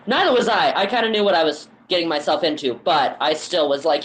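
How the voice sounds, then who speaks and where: A woman with a fairly low voice chats on a casual podcast. She speaks candidly and with some heat, dropping curse words as she goes. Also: animated, normal speed, breathy edge, rough recording. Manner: candid, fired up, swears casually.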